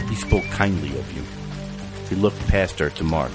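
A man narrating an audiobook in an even, measured reading style. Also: extremely low pitch. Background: music and rain.

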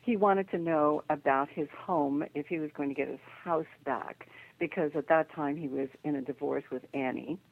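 An older woman, a guest on an interview, telling lively anecdotes and acting out the voices of the people in them. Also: sits low, moderate pace. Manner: lively storyteller who acts out the voices in her anecdotes. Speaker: guest, psychic detective. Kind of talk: animated storytelling in a phone interview. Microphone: telephone. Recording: tinny phone line.

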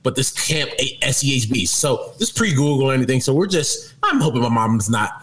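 A man telling a childhood story in casual chat, animated and laughing, protesting indignantly when challenged. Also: medium pitch, brisk, poor audio. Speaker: storyteller guest.

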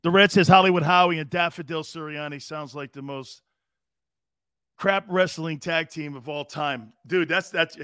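A man's voice: fairly high pitch, moderate pace, fairly bright tone, clear, resonant tone, no echo, clean studio sound. A man hosting a sports talk show, ranting in a brash, mocking way with profanity.

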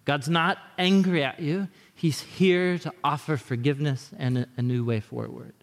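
Man, pastor, animated conversational sermon, frequent restarts, slightly high voice, long hall reverb. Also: normal speed, vocal fry.

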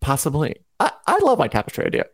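A man's voice: a little high, huge pitch swings, quick pace, over a noisy crowd. A man co-hosting a show in casual chat, wry and playful, often restarting his words. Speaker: podcast co-host.

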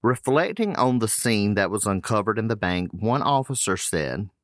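Deep-voiced guy reading crime notes on a podcast, loose asides, dry sound. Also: sing-song, normal speed, no room sound. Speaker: podcast host. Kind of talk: reading case notes in a casual chat.

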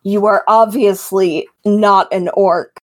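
A woman voicing a calm, polite armored man. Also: medium pitch, slow, natural voice. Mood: reasonable.

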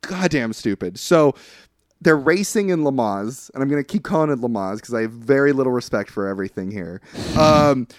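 A man's voice: medium pitch, lively intonation, a little fast, dry recording, studio quality. A man co-hosting a podcast, ranting sarcastically in a casual movie review chat and acting out scenes. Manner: ranting, sarcastic, acts out scenes in quoted voices. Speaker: podcast co-host.

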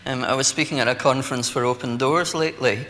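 A man's voice: medium pitch, fairly even intonation, quick pace, a bit bright, a little hiss or hum. A Scottish man preaching a sermon, telling stories in a conversational way with light laughter. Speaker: pastor. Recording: long hall reverb, faint ambience.

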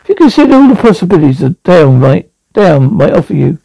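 A man's voice: high voice, sing-song, fast talker, vocal fry, dark tone, breathy edge, dry recording, full character voice, poor audio. A man reading aloud and voicing a fearful talking elevator that coaxes its riders in a sweet, reasonable tone. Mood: coaxing.

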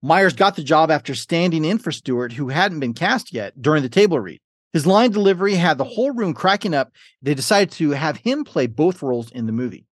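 A playful man runs a trivia game podcast, his voice a touch high and swinging widely in pitch. He reads questions and fun facts with jokey asides. The sound is dry and close. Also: very animated, fairly quick, no echo. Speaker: podcast host and quizmaster.

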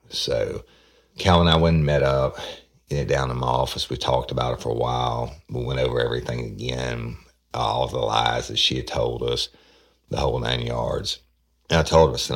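Very deep, gravelly man. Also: normal speed. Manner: blunt, profane and animated. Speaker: detective. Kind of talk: casual storytelling.

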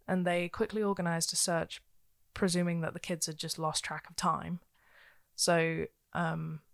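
Chatty woman telling a true crime story. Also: lowish voice. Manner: chatty, with frequent ums and likes. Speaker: podcast co-host.

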